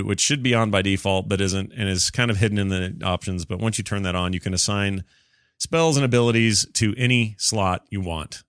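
A low-pitched man hosts a casual podcast, reading listener mail and riffing on it in a chatty, self-deprecating way with frequent restarts. His voice sounds close and dry on the mic, with no room echo. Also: a bit bright. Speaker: podcast host.

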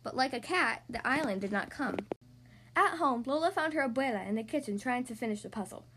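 A woman narrating a children's storybook aloud with expressive, clear delivery. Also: fairly high pitch, a little fast, noisy background.

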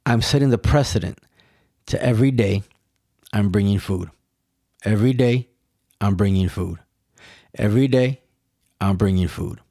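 A man's voice: fairly low pitch, normal speed, pauses often, mellow, no echo, clean studio sound. A man hosting a casual solo podcast, rambling and swearing as he poses rhetorical questions to himself. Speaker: podcast host.

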